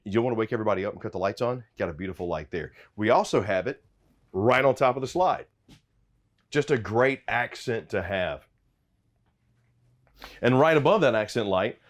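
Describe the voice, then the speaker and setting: Upbeat man touring an RV. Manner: upbeat sales pitch, pointing out features as he goes. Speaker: RV salesman giving a walkthrough tour. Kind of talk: product walkthrough. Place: inside a travel trailer.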